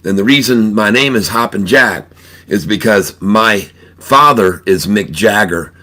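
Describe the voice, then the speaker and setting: A man voicing a smooth-talking big male frog who insists on getting a bank loan, in a told joke. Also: lowish voice, lively intonation, measured pace, pushed and bright, heavily acted. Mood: insistent. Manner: persuasive, insistent.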